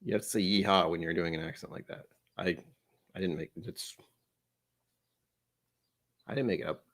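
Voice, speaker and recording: A man's voice: deep voice, moderate pace, pauses often, a bit bright. A man vlogging a casual whiskey tasting, rambling and self-deprecating with chatty asides.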